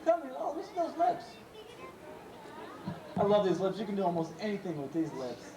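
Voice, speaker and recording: A man hosting a live animal show, playful and jokey, calling quick commands to a dog and teasing a volunteer. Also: sits high, wildly swooping pitch, muffled recording, over music. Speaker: animal trainer and show host. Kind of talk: live stage show patter. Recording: echoey, distant, crowd noise, amateur camcorder. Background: audience cheers and laughter.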